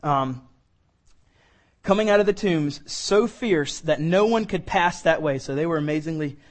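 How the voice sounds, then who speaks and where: Guy preaching through a bible passage, chatty, kinda higher voice. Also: unhurried. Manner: conversational, acts out quoted lines with rising pitch. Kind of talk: casual verse-by-verse sermon.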